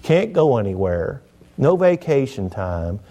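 A middle-aged man preaching a sermon in a folksy, joking way, swinging between loud emphatic lines and quiet asides. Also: medium pitch, sing-song, unhurried.

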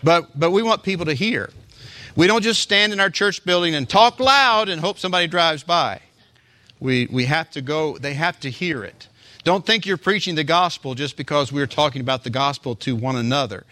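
A man's voice: fairly high pitch, normal speed, bright, forceful tone, no echo. A male pastor preaching a sermon in a conversational way, with speech and rhetorical asides to the congregation.

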